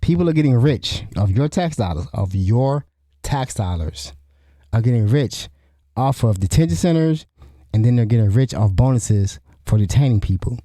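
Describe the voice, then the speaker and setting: A man's voice: mid-range voice, expressive, normal speed, dark tone, dry recording, studio quality. A middle-aged man hosting a solo podcast, rambling with frequent restarts and asides to the listener. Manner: rambling, restarts often, asks "you know what I'm saying?". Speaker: podcast host. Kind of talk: solo commentary.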